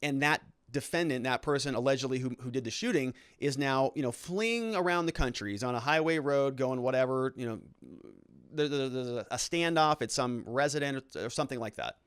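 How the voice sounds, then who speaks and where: A man's voice: medium pitch, fairly quick, clear, resonant tone, no room sound, studio quality. A man giving casual legal commentary as a lawyer, talking in a loose, conversational way with sarcastic asides.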